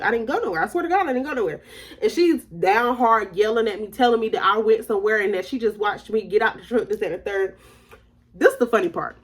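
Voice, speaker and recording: A young woman vlogger telling a story in a casual, animated way, acting out the other people in it. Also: mid-range voice, slightly rough. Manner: animated, acts out quoted voices.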